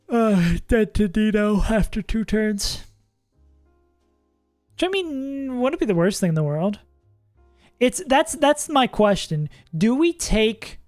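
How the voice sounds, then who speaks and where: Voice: mid-range voice, a little mellow, dry recording. Chatty streamer thinking aloud, dry sound. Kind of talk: casual livestream commentary.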